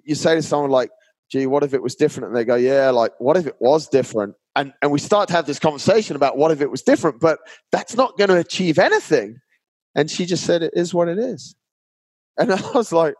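A man speaking as a podcast guest, telling a personal story in a chatty, animated way, often saying "mate". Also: on the high side, no room sound. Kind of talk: casual storytelling.

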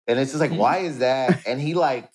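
A man, a comedian guest, telling family anecdotes in animated fashion and laughing often between lines. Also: medium pitch, normal speed, a crowd in the background. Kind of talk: animated storytelling.

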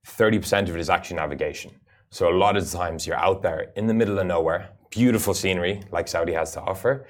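Very deep-voiced man explaining. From Ireland. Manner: earnest and explanatory, many "uh" fillers. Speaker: rally racer guest. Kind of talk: interview answers.

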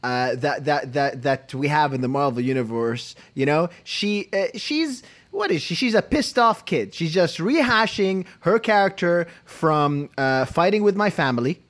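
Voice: medium pitch, expressive, measured pace, few pauses, fairly bright tone. A podcast co-host arguing a film review point with growing heat. Sentences tumble out with stammered repeats and restarts, and the talk stays casual. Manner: heated ranting with stammered restarts.

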